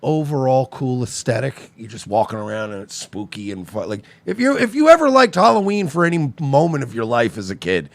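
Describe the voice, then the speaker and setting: Animated gravelly-voiced man telling stories. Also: mid-range voice, brisk, hardly any pauses, dry recording. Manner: animated storyteller, swears freely, acts out people he describes. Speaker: radio show co-host. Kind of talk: casual chat.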